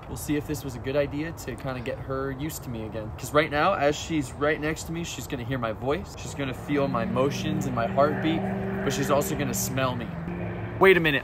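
A man's voice: on the high side, noisy background. A man vlogging casually with his pet, playful and cooing at it in baby talk.

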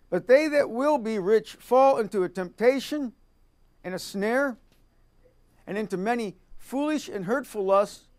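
Guy preaching, kinda high voice, says stuff twice for effect. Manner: reads scripture, repeats lines for emphasis. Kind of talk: sermon.

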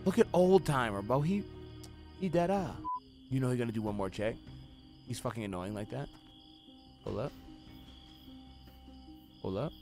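A young man streaming a video game, giving profane running commentary that swings between low muttering and sudden yelling. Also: normal speed, long pauses, over music. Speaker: gaming streamer. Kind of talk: live gameplay commentary.

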